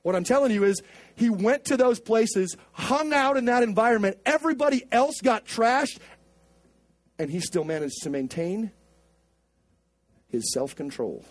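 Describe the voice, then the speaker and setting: Slangy, high-voiced male preacher. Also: a little slow, long pauses, dry recording. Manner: slangy, animated, joking. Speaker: pastor. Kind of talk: casual preaching.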